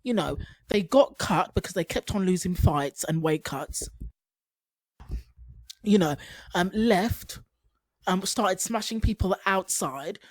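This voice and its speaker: A woman's voice: on the low side, animated, takes it slowly, pauses often, dry recording. A woman giving casual commentary as a YouTube commentator, chatty with sarcastic asides.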